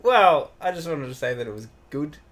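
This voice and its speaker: A man's voice: fairly high pitch, very animated, normal speed, a bit bright. A man co-hosting a podcast, giving dry, blunt opinions in casual chat. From Australia. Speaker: podcast co-host.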